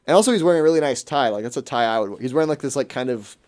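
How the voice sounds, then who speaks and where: A man's voice: mid-range voice, animated, rapid-fire, a little mellow. A young American man hosting a radio show, chatting casually and rambling with lots of restarts. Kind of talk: casual chat.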